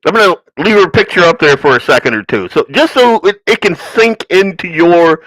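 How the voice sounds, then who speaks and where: A man's voice: high-pitched, lively intonation, moderate pace, fairly bright tone, no echo, rough recording. A man hosting a political commentary podcast who talks in a ranting, sarcastic way, with mocking asides and put-on quotes. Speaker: podcast host.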